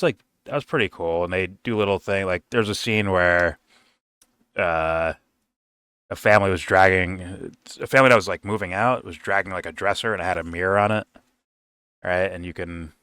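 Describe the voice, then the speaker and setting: A man's voice: low voice, fairly quick, bright, forceful tone, smooth, dry recording, studio quality. A man giving a casual, rambling film review, swearing freely and laughing often.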